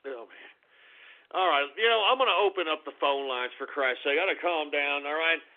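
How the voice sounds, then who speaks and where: A man's voice: on the high side, a little fast. A male call-in radio host who sounds winded and lightheaded, swearing and ranting in agitated bursts, then dropping to a mutter. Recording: tinny phone-like call-in audio.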